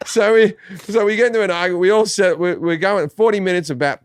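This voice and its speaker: A man's voice: high voice, fast, few pauses, smooth, no room sound. A man with an Australian accent, a comedian guest telling a story in a casual chat. He swears often and acts out his family's voices.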